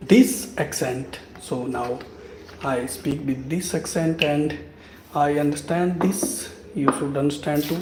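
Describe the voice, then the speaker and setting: A man giving a live-stream lesson, talking slowly and deliberately to encourage learners. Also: mid-range voice. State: sweating from the heat. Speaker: English speaking teacher. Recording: echoey room with background noise.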